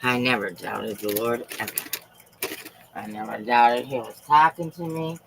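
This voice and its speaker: Woman, live-stream host: deep voice, slow and unhurried delivery, swears freely, fervent and emphatic. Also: creaky, background noise. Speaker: livestream host. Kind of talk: rambling live-stream monologue.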